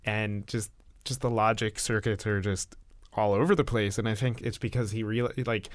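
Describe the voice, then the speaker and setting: Low-voiced man narrating a tabletop scene. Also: fairly even intonation, no echo. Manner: measured, descriptive storytelling. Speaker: game player.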